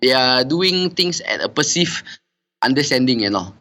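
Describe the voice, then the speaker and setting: A man's voice: medium pitch, big pitch swings, normal speed, bright, forceful tone. A middle-aged man, a company director interviewed as a guest, who talks hesitantly with many fillers and repeated "and all" tags. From Singapore. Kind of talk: casual interview conversation.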